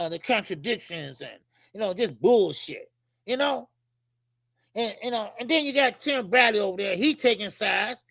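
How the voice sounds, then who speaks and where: A man hosting a casual boxing show, ranting heatedly and cursing, shouting at times. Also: high-pitched, creaky, no echo, clean studio sound. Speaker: boxing commentary show host.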